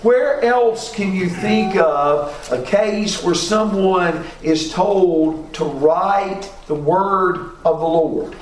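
Speaking very slowly in a high voice with few pauses, a Bible class teacher reads scripture aloud and quizzes his students, sometimes correcting himself. Faint background noise carries through an echoey room.

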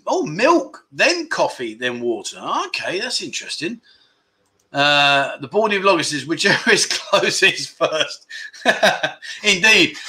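Bright-voiced man, a bit high-pitched, casual joking livestream host chatting with viewers. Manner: jokey, chatty, asks viewers questions. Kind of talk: casual livestream chat, reading viewer comments. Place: home in Thailand.

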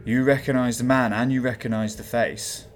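A man's voice: medium pitch, fairly even intonation, moderate pace, a little hiss or hum. A man narrating a tabletop game as game master, describing scenes with many small hesitations.

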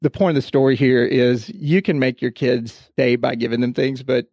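A man's voice: mid-range voice, normal speed, dry recording, highs cut off. A man in his thirties, co-hosting a podcast, chatting casually and acting out voices as he tells stories. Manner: animated storyteller, acts out voices. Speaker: podcast co-host. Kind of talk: casual chat.

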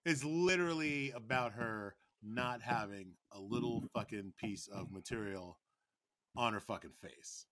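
A man co-hosting a podcast in casual, profane, animated chat. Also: on the low side, unhurried. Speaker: podcast co-host.

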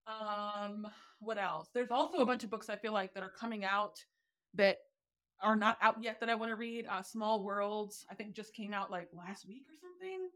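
A woman guest on a casual podcast, speaking from her home office, animated and laughing often. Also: medium pitch, normal speed. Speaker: podcast guest, book reviewer.

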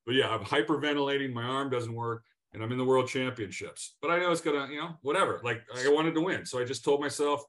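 A former professional athlete, a man, tells stories as a guest in a relaxed interview. His delivery is animated; he laughs often and stumbles over repeated words. His pitch sits at an ordinary middle height for a man. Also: quick pace, few pauses. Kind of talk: conversational podcast interview.

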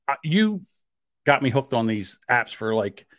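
A man's voice: mid-range voice, unhurried, dry recording, studio quality. A man co-hosting a casual podcast, telling rambling stories and acting out the people in them. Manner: animated, acts out voices in his stories. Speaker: podcast co-host. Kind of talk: casual chat, storytelling rants.

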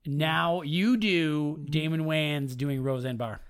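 A man's voice: a little high, takes it slowly, clear, resonant tone, dry recording, studio quality. A man co-hosting a casual podcast chat, joking, teasing and swearing freely. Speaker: podcast co-host.

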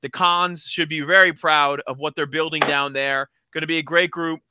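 A man on a sports podcast panel, bantering loudly and trash-talking a co-host in mock anger. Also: on the high side, fairly even intonation, moderate pace, background noise. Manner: loud, mock-aggressive trash talk.

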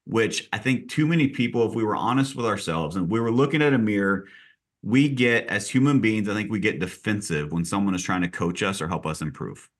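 In a podcast conversation, a man who leads a real estate team tells stories energetically, directly and emphatically. He talks fairly quickly in a husky, fairly low voice.

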